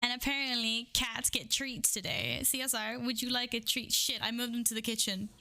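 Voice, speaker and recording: Bubbly, bright-voiced woman streamer. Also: a little high, fairly even intonation, normal speed. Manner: bubbly, giggly, playful. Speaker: livestreamer greeting chat. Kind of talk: casual live-stream chat. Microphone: streaming microphone, wearing headphones.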